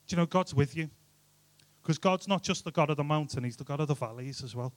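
Youth speaker: man, slightly high voice, dry close sound, casual joking delivery. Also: fast, no room sound. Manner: chatty, jokey, rhetorical questions. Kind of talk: informal youth sermon.

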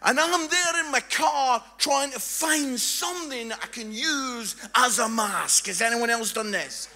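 High-voiced, animated preacher man. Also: unhurried. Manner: animated storytelling with comic impressions. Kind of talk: humorous sermon. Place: church hall with congregation.

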